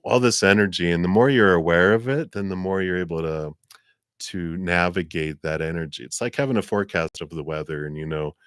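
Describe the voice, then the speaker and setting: A man's voice: low voice, brisk, fairly bright tone, smooth, no echo, studio quality. A man giving a live tarot and astrology reading in a rambling, conversational way with many fillers. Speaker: tarot reader.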